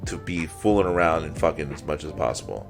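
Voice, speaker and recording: A man's voice: rumbling low, a little fast, vocal fry, soft background music. A man in a casual podcast chat, telling a long profane story, repeating his words as he goes. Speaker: podcast co-host.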